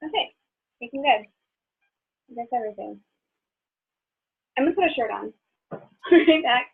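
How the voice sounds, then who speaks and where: A woman organizing a group video call, relaxed and laughing easily, trailing off her sentences. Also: fairly high pitch, measured pace, gravelly, slightly rough. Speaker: meeting organizer. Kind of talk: casual video-call chat. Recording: tinny phone-like audio.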